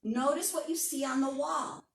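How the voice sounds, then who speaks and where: A woman's voice: high-pitched, steady tone, normal speed, vocal fry, a little hiss or hum. A woman teaching a yoga class, giving encouraging instructions and often checking in with "right?". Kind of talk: guided movement class. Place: yoga studio room. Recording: echoey studio from a distance.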